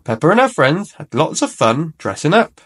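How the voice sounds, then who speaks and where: A man reading a children's picture book aloud, his fairly high voice bouncing through lively rises and falls. The delivery is expressive and warm-hearted in pace, made for young listeners. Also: moderate pace, husky. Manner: animated, expressive. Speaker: storyteller.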